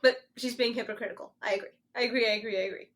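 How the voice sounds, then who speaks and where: A woman's voice: a little high, steady tone, fairly bright tone. A young woman co-hosting a podcast, chatting casually and emphatically about a book. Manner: emphatic, quick to agree. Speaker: podcast co-host.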